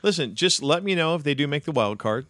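A man's voice: a little high, lively intonation, fast, fairly bright tone, dry recording. A man co-hosting a casual sports talk show, hesitant and wry.

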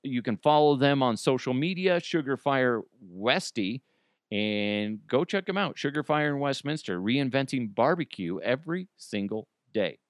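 A man in his thirties, hosting a radio show in casual chat, telling stories with animated put-on quotes and reading an ad. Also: medium pitch, normal speed, no echo, studio quality. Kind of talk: casual chat and live-read ad.

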